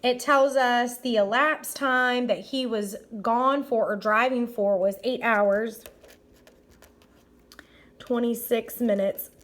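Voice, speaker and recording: A woman's voice: a little high, fairly even intonation, slow, a bit bright. A woman teacher working through math problems aloud, step by step, in an upbeat, encouraging way. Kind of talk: math lesson walkthrough.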